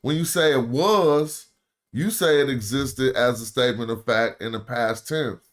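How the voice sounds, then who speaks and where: A man's voice: medium pitch, a little slow. A man teaching ancient Egyptian grammar in a loose, slangy way, repeating himself and asking his listeners questions. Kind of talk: casual live lesson.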